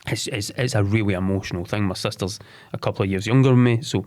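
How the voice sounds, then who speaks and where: A fairly low-voiced man in his forties tells his life story on a podcast. He speaks candidly and haltingly, stumbling over repeated words and restarting his sentences as he goes. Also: darkish tone. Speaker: podcast guest.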